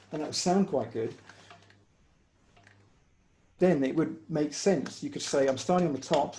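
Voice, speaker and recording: A man giving a patient, step-by-step online music lesson on the hurdy-gurdy, pausing often as he explains. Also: on the high side, dark tone, a little hiss or hum. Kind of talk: online music workshop instruction. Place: home room, online workshop.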